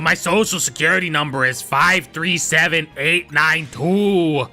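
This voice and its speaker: A man doing a loud, slow, groaning impression of a gassy, greedy cartoon villain. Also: on the high side, heavily acted.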